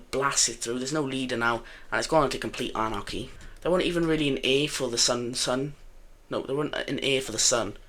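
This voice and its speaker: Sharp in tone and medium in pitch, this young man gives loose commentary over an alternate-history map game. He rambles, cracks jokes, chats away, and keeps fixing what he said mid-sentence.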